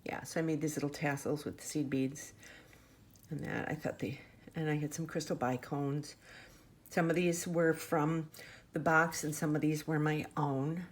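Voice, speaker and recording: Low-voiced woman showing off handmade jewelry. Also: steady tone, normal speed. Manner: chatty, gushing, with fillers and restarts. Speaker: jewelry maker showing her work. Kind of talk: casual show-and-tell vlog. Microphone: camera mic on a tabletop.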